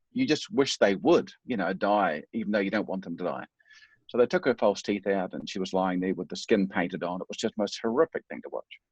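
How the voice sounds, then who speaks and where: A man's voice: low-pitched, breathy edge, no room sound. A middle-aged man speaking as a guest, telling his life story in an earnest, reflective, self-deprecating way. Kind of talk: personal storytelling in a talk.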